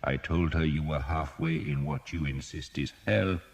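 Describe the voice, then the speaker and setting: A man voicing a cheerful, sardonic old male doctor who teases slowly and deliberately. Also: rumbling low, creaky. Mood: wry. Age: older. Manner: wry, teasing, slow and deliberate.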